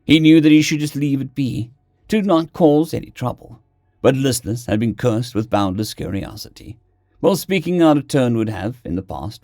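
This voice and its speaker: A man narrates a fiction story with expressive, animated delivery. His pitch moves lively through each sentence. The recording is close to the mic and dry. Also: no room sound.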